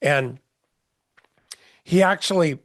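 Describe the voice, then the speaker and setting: A man's voice: on the high side, slow pace, no echo, clean studio sound. A middle-aged man, a trading mentor, giving blunt, folksy market commentary in a casual session, with many fillers and restarts.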